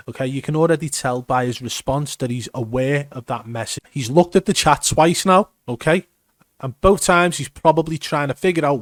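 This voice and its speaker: A man's voice: fairly high pitch, moderate pace, dry recording, studio quality. A man giving an emphatic, step-by-step commentary on gameplay footage. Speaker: gaming commentator. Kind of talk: video breakdown commentary.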